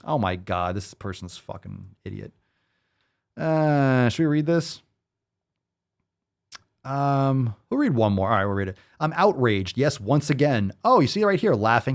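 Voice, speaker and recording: A podcast host lays into whatever he is reading with sarcastic, profane commentary. His voice is mid-pitched but swings widely as he mocks and emphasizes, shifting from flat muttering to sudden jabs. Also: moderate pace.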